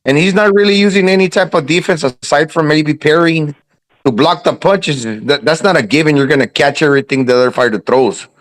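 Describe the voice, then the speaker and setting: A man chats casually on a podcast in a plain, matter-of-fact way. His voice sits a little high. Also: fairly quick. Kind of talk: casual chat.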